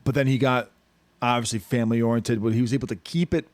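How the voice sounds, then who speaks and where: Casting: male podcast host, mid pitch, loose rambling delivery, dry close mic. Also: fairly even intonation, fast, darkish tone, no room sound. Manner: rambling, restarts often, quotes comedians. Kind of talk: casual chat.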